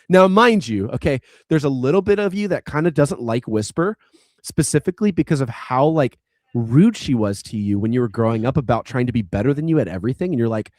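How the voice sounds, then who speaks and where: A man's voice: medium pitch, lively intonation, fairly quick, darkish tone, no room sound, clean studio sound. A man on a podcast retelling a video game story in a casual, rambling way, full of likes and restarts. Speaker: podcast co-host.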